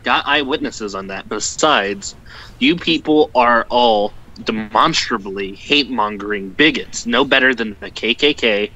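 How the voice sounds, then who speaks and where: A man's voice: medium pitch, measured pace, bright, forceful tone, lo-fi sound. A man in a casual voice chat reading a message aloud in a mocking way.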